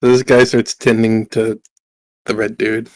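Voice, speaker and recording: A man's voice: on the low side, level tone, a little mellow, rough recording. Casual man running a tabletop game. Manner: casual, jokey, puts on quick voices for crowd figures. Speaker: game master.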